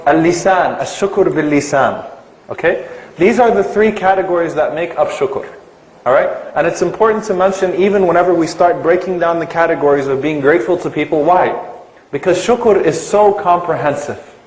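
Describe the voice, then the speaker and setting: A man's voice: fairly high pitch, normal speed, echoey room, rough recording. A man giving an Islamic lecture to a live audience, asking them questions and stretching out key terms for emphasis.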